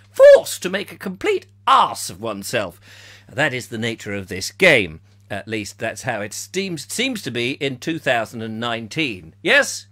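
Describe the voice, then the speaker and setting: Middle-aged man, comic live chat host, lively pitch, bright tense voice, rambling and jokey. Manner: rambling, jokey, reads out viewer comments.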